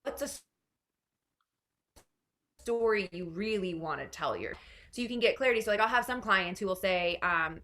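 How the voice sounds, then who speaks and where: A woman coach answers a question in an online Q&A, talking casually and piling in "like" and "right?" as she goes. Her voice is bright and clear, sitting at an everyday middle pitch. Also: lively intonation, brisk. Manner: chatty, many fillers like "right?" and "like". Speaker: leadership coach.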